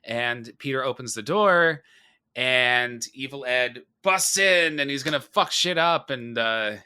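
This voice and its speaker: Male podcast host, very bright, sharp tone, laughs a lot, casual and profane. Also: medium pitch, a little slow, clear, resonant tone. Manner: laughs often, loose and profane. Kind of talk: casual chat recapping a film.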